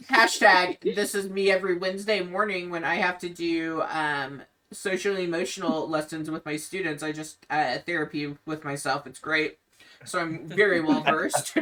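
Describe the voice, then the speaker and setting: A woman narrating a tabletop game as game master in a relaxed storytelling manner with frequent fillers. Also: on the low side, unhurried, recorded from a distance.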